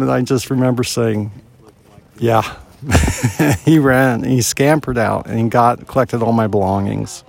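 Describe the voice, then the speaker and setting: A middle-aged man recounts a personal memory in a gravelly voice of ordinary pitch. He speaks earnestly and reflectively, pausing mid-thought as he goes. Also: a little mellow. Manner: earnest, reflective, halting pauses. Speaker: storyteller. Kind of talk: personal storytelling.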